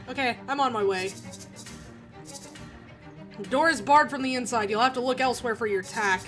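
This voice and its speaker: Woman streamer who reads game text aloud, chatty and giggly, with a bright, fairly high voice and faint music behind her. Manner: chatty, giggly, halting with fillers. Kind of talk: casual game playthrough, reading text aloud.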